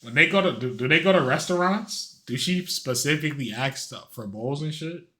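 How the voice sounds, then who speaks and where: A man's voice: on the high side, lively intonation, normal speed, pushed and bright. A man casually commenting on a video as a streamer, slangy and joking.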